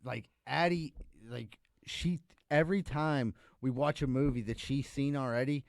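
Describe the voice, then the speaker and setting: A man's voice: mid-range voice, a little slow, creaky, dry recording, clean studio sound. A man co-hosting a podcast, telling a rambling, exasperated story in casual chat. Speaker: podcast co-host.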